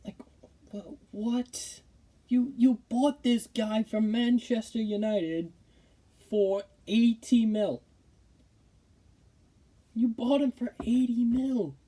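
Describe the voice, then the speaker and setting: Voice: mid-range voice, slow pace, long pauses, mellow. A football commentary streamer ranting with indignation in casual talk, often stammering and restarting sentences. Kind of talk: casual opinion rant.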